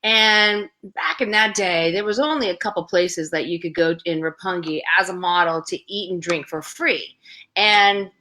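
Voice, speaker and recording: A woman's voice: on the low side, normal speed, sharp tone. A middle-aged woman, a guest in an interview, chatty, telling anecdotes and acting out the voices of people in them. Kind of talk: animated storytelling in an interview.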